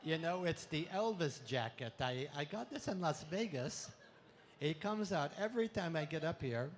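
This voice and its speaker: A man doing stand-up comedy on an expo stage, delivering puns in a playful way with sudden loud swells. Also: a little high, expressive, normal speed, slight background noise. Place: expo stage before a live audience.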